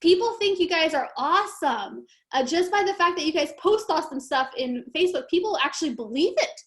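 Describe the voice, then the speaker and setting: A woman hosting a group video call, telling a story in a chatty, animated way with laughs. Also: very high-pitched, brisk. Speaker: meeting host.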